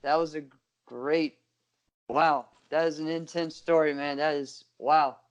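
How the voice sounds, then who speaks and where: A man's voice: on the high side, fairly even intonation, a little slow, smooth, muffled recording. A man co-hosting a podcast, reacting to his partner with short exclamations in casual chat. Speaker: podcast co-host.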